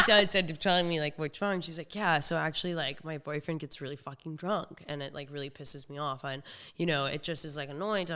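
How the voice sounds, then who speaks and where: A young woman hosting a podcast, telling a story in casual chat, animated and acting out the people she quotes. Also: low voice, clean tone. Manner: animated, acts out quoted voices, laughs often. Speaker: podcast host.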